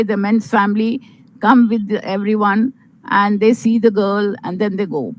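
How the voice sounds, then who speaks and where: An older woman with an Indian English accent, giving earnest, measured, motherly advice on marriage to young unmarried women, with some fillers. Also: medium pitch, rough recording. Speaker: guest advising on marriage.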